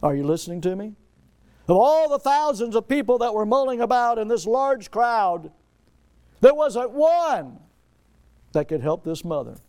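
A middle-aged man preaches with a fairly high yet mellow, warm voice. He keeps asking his listeners questions and hammers home repeated phrases, swinging from hushed lows to ringing highs. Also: very animated, a little slow, clear, resonant tone. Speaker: pastor. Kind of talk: sermon.

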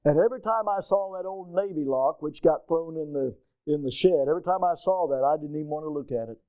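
A man preaching a sermon, reading scripture and telling a lively childhood story, acting out the voices of people in it. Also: fairly high pitch, fast talker, clean tone, dry recording, dull audio. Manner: storytelling, animated, acts out quoted voices. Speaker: pastor.

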